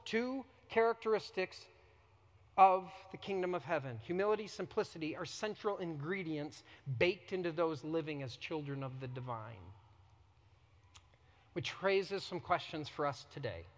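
A man preaching a sermon as a pastor, emphatic, with dramatic pauses and repetition. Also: on the high side, in a large hall. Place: church sanctuary.

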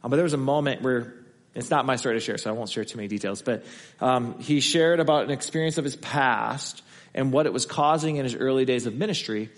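A man's voice: mid-range voice, fast. A man preaching a conversational sermon as pastor, acting out the voices he quotes. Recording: long hall reverb.

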